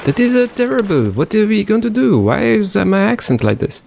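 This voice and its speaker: A man voicing a dim, bewildered male fish in a high, squeaky, confused put-on voice. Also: big pitch swings, fairly quick, gravelly, a little mellow, a little hiss or hum, exaggerated voice. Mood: silly bewildered.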